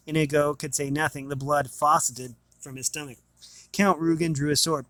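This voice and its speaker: A man's voice: fairly high pitch, little pitch movement, normal speed, a bit bright, no room sound. A man reading a novel aloud, plainly, with small stumbles and restarts. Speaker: reader.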